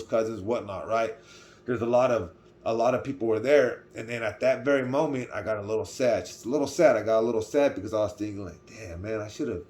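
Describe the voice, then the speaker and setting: A man's voice: lowish voice, a little mellow. A middle-aged man with a Californian accent telling a personal story in a casual vlog, rambling with restarts and asking "right?" as he goes. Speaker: vlogger.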